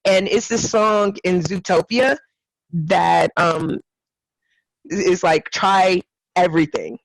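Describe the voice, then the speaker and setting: Woman co-host, effusive casual chat, unhurried, dry close sound. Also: fairly low pitch, vocal fry, dry recording, rough recording. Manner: effusive, acts out others' lines in quoted voices. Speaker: podcast co-host.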